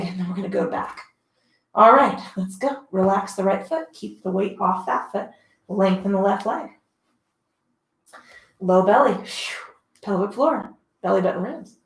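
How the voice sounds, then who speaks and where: A woman with a mid-range voice and some vocal fry leads a casual Pilates class, exercising along as she talks through each move, cues breaths, and counts reps. The recording has the echo of a large room.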